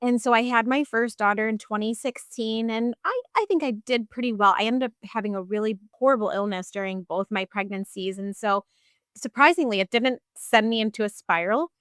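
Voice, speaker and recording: A woman's voice: a little high, fairly quick, a bit bright, clean tone, dry recording, clean studio sound. A woman in her thirties, a podcast guest telling her personal story in a casual, chatty way full of fillers.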